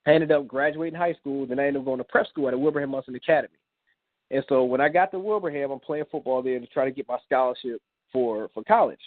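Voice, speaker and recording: A man in his thirties, a comic book creator, guests on a call-in radio show and tells personal stories in a mid-range voice. He talks fast and animatedly, acting out quoted dialogue. The tinny phone line carries no room sound.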